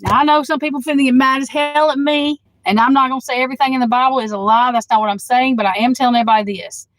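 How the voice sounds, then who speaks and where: A woman tarot reader chatting casually to her livestream viewers, blunt and outspoken, swearing freely and quick to flare up at the chat. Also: sits high, fairly even intonation, dry recording, low-quality recording.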